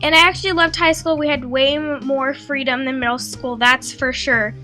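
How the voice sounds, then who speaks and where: A teenage girl, a beauty vlogger, narrates a draw-my-life video in a high, bright, chatty voice full of likes and ums. She keeps a fairly even intonation at a moderate pace and acts out her own quotes over faint music.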